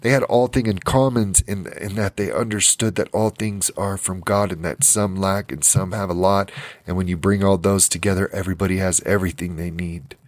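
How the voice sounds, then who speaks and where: Low-voiced guy preaching a bible study, teary and fired up, says things over and over, dry close sound. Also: steady tone, brisk, no echo. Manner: passionate, repeats phrases for emphasis. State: teary, emotional. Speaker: Bible teacher. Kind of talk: informal Bible study sermon.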